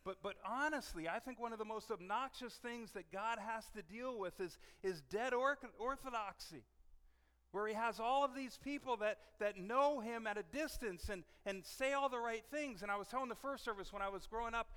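High-voiced, resonant male preacher. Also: moderate pace, clean tone. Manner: conversational and animated, with frequent restarts. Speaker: pastor. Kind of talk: sermon. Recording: long reverb of a church hall.

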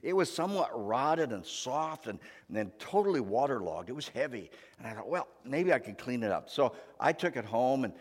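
A man's voice: medium pitch, sing-song, normal speed, few pauses. Man preaching in a reverberant hall. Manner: dramatic storytelling, shifting from loud to hushed. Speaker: pastor. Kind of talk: sermon.

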